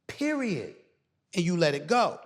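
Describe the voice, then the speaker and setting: A middle-aged man as a guest commentator, talking loudly and emphatically on a podcast. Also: high-pitched, a little slow. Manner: loud, animated, preacher-like emphasis. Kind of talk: emphatic podcast interview talk. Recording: reverberant room.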